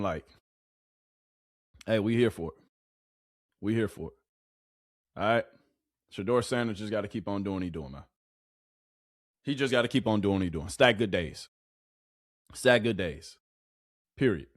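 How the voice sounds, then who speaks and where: A young man giving casual live-stream commentary on football clips, animated and repetitive, full of slang and hype. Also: medium pitch, dry recording, studio quality.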